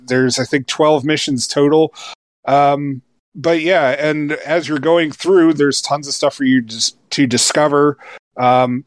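A man's voice: medium pitch, dry recording. A man in his thirties reviewing a video game in casual chat, rambling with lots of fillers and restarts, and laughing easily. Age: 30s. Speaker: game reviewer, podcast co-host.

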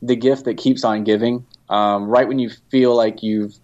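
A man's voice: medium pitch, steady tone, moderate pace, a little mellow. A man answering interview questions in a casual way, hesitant and full of fillers and restarts. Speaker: guest from a game company. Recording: dull lo-fi sound.

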